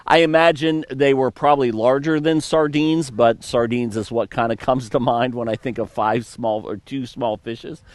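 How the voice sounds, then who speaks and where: A man preaching a sermon as pastor, telling a story and briefly acting out the characters with sudden jumps in pitch. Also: fairly even intonation, moderate pace, hardly any pauses, dry recording.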